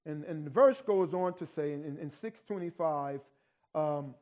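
A man's voice: fairly high pitch, moderate pace, lo-fi sound. A man preaching a sermon in a conversational teaching manner, often checking in with the listeners by asking "right?". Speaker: pastor.

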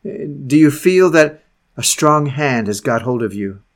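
A man reading an old sermon aloud with passion, swinging between loud emphasis and hushed tones. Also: a little high, expressive, measured pace. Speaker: sermon reader.

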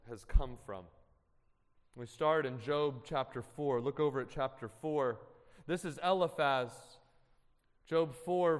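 An earnest man pastor delivers a sermon in a somewhat high voice. He moves between soft, hushed storytelling and emphatic preaching. A long reverb from the church hall trails after his words.

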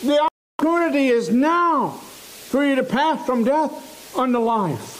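Slow, emphatic male preacher. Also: very high-pitched, lively intonation, low-quality recording. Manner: slow, emphatic, repeating phrases for stress. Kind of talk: sermon.

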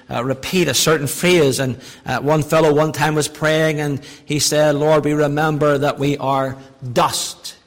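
A middle-aged man preaching a sermon in a folksy, humorous way, dropping to quiet asides and rising to emphatic calls. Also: fairly high pitch. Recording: long reverb of a large hall.

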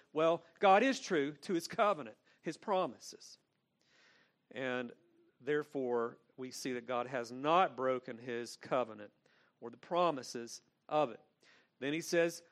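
A man preaching an expository sermon as pastor, earnest and emphatic, often restating his phrases. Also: fairly high pitch.

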